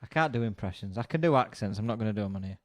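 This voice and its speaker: A man's voice: fairly low pitch, animated, racing. Easygoing West Yorkshire man, jokey. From Bradford, England. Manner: jokey and easygoing, stumbles and repeats words. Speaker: podcast co-host. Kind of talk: casual chat.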